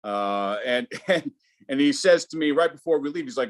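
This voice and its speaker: Halting stand-up comic, lively pitch. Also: male voice. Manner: halting, many fillers and restarts. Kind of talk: stand-up set on a video call. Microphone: video call.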